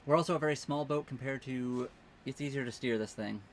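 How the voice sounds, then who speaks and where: A man's voice: mid-range voice, a little fast, slight background noise. A man from Canada co-hosting a casual live stream from a small sailboat docked in a marina, chatting easily and thanking viewers by name. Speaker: livestream co-host. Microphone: phone camera.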